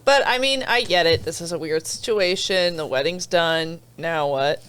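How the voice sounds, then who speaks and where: A woman's voice: on the low side, fairly bright tone, clear, resonant tone. A woman co-hosting a casual book podcast, swearing casually and reacting to her co-host's recap. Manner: chatty, swears casually, jumps in with quick reactions. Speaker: podcast co-host. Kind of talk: casual book club chat.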